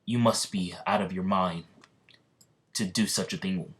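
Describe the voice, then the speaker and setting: Casting: stern accusing comrade, deep plain voice, by a man. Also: steady tone, measured pace.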